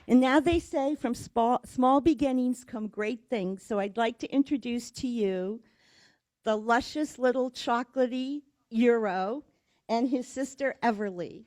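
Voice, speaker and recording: A woman's voice: on the high side, measured pace, darkish tone. A woman speaking at a graduation ceremony, cheerfully thanking puppy raisers and reading a heartfelt quote. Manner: cheerful, laughs between lines, reads a closing quote. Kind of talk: ceremony speech.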